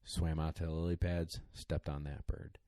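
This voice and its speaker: Man, deep voice, dry close sound; casual podcast storyteller, rambling and emotional, near tears. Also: flat delivery, normal speed, warm tone, no echo. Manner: emotional, rambling, choked up at times. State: tearing up. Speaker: podcast co-host, dog trainer.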